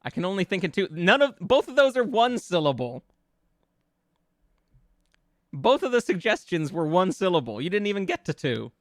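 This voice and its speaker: A man's voice: high voice, sing-song, fairly quick, a bit bright, dry recording, studio quality. A man streaming live, chatting casually with viewers and thinking aloud as he riffs on word ideas in a playful way. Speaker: VTuber streamer.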